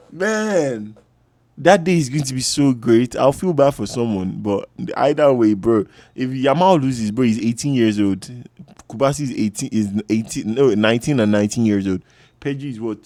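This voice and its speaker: A man reacting to a football match as a fan, loud and trash-talking, with bursts of shouting. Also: medium pitch, no echo.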